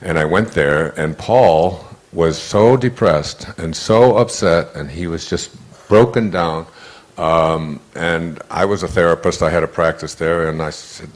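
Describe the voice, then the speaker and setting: A man's voice: deep voice, measured pace. Older man telling stories in a lecture. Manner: conversational, repeats and restarts words. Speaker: motivational speaker. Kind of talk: storytelling lecture.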